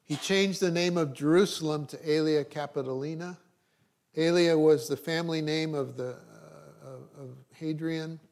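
A man's voice: a little high, fairly even intonation, normal speed, darkish tone. A middle-aged male pastor preaching a sermon, reading scripture and adding dry joking asides.

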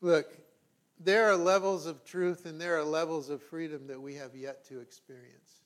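A male pastor preaching a sermon. He reads scripture aloud with emphasis, then breaks into conversational asides and sudden quiet remarks. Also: on the high side, fairly even intonation, normal speed.

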